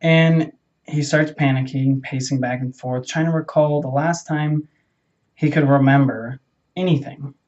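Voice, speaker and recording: Getting his hair cut, a young man spins a playful, rambling invented tale, pausing occasionally to fix what he said. He speaks unhurriedly in a steady, slightly mellow mid-range voice, and the highs are cut off.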